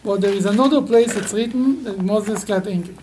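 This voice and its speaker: A man teaching a Torah study class in halting, rising with emphasis as he explains. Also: sits high, dark tone, slight background noise.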